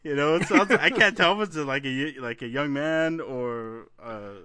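A man's voice: a little high, normal speed, bright, forceful tone, no echo. A man co-hosting a podcast, telling a profane story in casual chat and breaking into laughter often. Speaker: podcast co-host.

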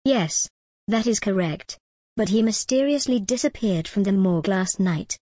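Calm formal jinn spirit in a storybook, as a woman reads it, steady and dry. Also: mid-range voice, moderate pace, no echo, natural voice. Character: calm commanding jinn spirit, sometimes in male form.

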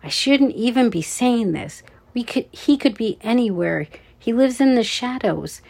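A woman voicing a huge male security guard with a deep, throaty voice, giving hushed, urgent warnings in a storybook reading. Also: animated, a little slow, creaky, full character voice.

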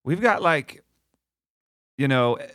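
A man's voice: mid-range voice, animated, slow pace, a bit bright, dry recording, studio quality. A male musician guest telling a casual tour anecdote, laid back and full of fillers. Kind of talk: casual storytelling.

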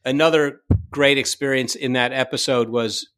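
A man telling stories from his directing days in a casual interview, lively, full of fillers and restarts. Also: mid-range voice, moderate pace, smooth. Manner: animated anecdote-telling, acts out quoted lines; frequent fillers and self-restarts.

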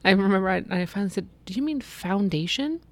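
A woman's voice: medium pitch, expressive, quick pace. A woman in her thirties chatting casually and reading funny posts aloud, laughing often. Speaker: co-host.

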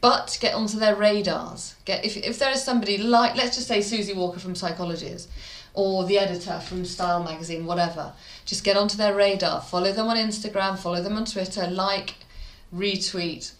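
Midlands woman, PR guest, lively chatty storyteller, roomy sound. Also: mid-range voice, a little fast, hardly any pauses. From English Midlands. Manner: chatty, animated storyteller, laughs often. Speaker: PR expert guest. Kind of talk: casual interview talk.

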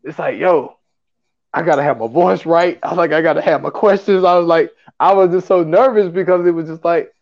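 A man's voice: a little high, a little fast, darkish tone, muffled recording. A man hosting a podcast in casual chat, rambling and filling with "you know what I'm saying.". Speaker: podcast host.

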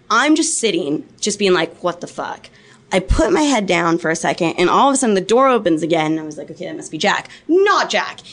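Brief: podcast guest, woman from Los Angeles, mid-pitch voice, animated, foul-mouthed storyteller. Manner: profane, animated anecdote telling. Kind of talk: casual storytelling.

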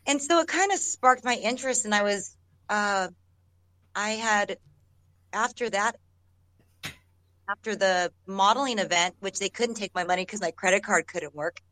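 A woman's voice: mid-range voice, normal speed, pauses often, fairly bright tone, no echo, rough recording. Woman actress rambling thru a story, laughy and chatty, dry close sound. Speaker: actress guest. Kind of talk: casual storytelling in an interview.

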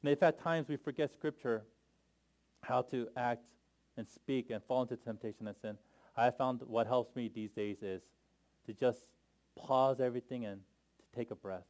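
A man's voice: medium pitch, normal speed, darkish tone. A man in his thirties, a pastor, preaching a sermon in a conversational storytelling way, with small self-deprecating laughs.

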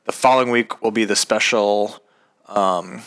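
A man's voice: fairly low pitch, fairly even intonation, measured pace, a bit bright. A man hosting his own podcast, talking in a casual, rambling rant full of swearing and ums. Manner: profane, rambling, frequent ums. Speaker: podcast host. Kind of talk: casual ranting monologue. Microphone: podcast microphone.

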